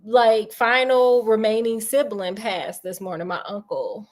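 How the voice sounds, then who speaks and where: A woman's voice: on the high side, unhurried. A woman hosting a storytelling show, retelling a classic detective tale in a chatty, slangy, digressive way. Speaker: storytelling host.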